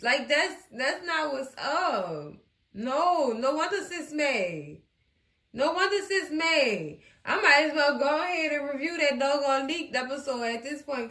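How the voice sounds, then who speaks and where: A woman hosting a casual TV recap, animated and acting out the characters as she chats to her viewers. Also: high voice, measured pace, roomy sound. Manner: animated, acts out characters, talks to viewers as cousins. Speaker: recap host.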